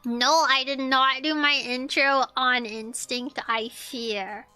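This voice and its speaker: A young woman streamer telling a story in casual chat, animated, swearing and repeating her lines. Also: sits high, slow pace, smooth, no room sound, faint music behind.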